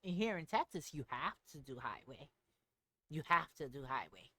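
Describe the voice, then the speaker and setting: A woman streamer telling a story to her live chat in a casual, animated way, laughing often. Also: deep voice, normal speed, no room sound.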